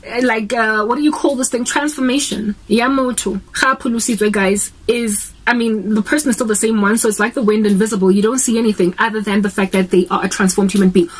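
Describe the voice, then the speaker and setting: A young South African woman with a South African accent talks earnestly to her camera in a relaxed, preachy vlog style. Her voice sits a little high and has a slightly husky, breathy edge. She keeps slipping between English and Sesotho mid-sentence. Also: a little fast. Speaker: Christian vlogger.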